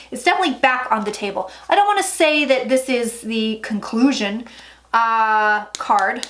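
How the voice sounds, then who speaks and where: Woman psychic, high voice, chatty and theatrical delivery for a tarot reading vlog. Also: lively intonation. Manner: chatty, dramatic, with sudden loud asides and drawn-out phrases.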